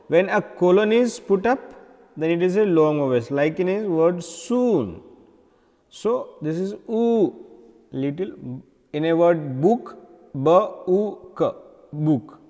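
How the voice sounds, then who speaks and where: A man with an Indian English accent teaching English vowel sounds, slowly repeating each sound and example word. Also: on the high side, warm tone, long reverb tail. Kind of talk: recorded phonetics lesson.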